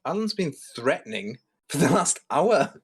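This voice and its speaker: A man hosting a commentary video, ranting sarcastically with lots of swearing and sudden jumps in pitch. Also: very animated, normal speed, slightly rough. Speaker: commentary host.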